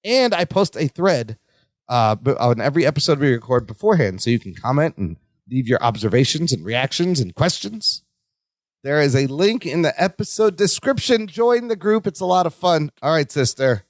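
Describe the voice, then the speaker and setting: High-voiced man in chatty podcast talk. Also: sing-song, moderate pace, dry recording. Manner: chatty, laughs often, acts out quotes. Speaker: podcast co-host. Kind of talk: casual chat recapping a sitcom.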